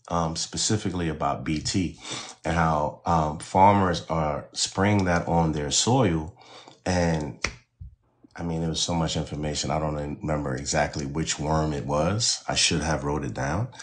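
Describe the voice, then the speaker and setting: A man hosting a casual live-stream chat about gardening, folksy and preachy, with "you know" at every turn. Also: very deep voice. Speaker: host.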